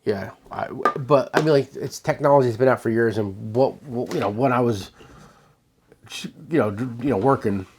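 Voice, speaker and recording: A man's voice: medium pitch, normal speed, a little hiss or hum. A man who owns a tool shop, giving a casual, rambling sales demo of his products and often restarting his sentences. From United States.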